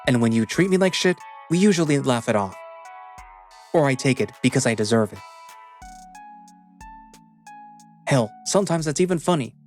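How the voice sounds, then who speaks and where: A man's voice: mid-range voice, expressive, normal speed, darkish tone, faint music behind, close to an everyday voice. A man voicing a hurt, pleading young best friend. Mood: hurt, angry. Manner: pleading, earnest, swearing when upset. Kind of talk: visual novel reading.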